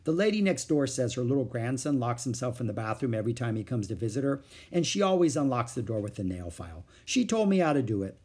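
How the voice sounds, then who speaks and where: A man reads as a patient mother in a storybook, calm and gently weary. Her lines carry a husky edge and an expressive rise and fall. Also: medium pitch, fast, hardly any pauses.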